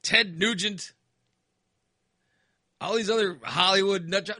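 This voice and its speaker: A man's voice: high-pitched, expressive, a little slow, long pauses, sharp tone, breathy edge, no echo. A man ranting casually, exasperated and sarcastic, sounding fired up. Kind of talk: casual opinion rant.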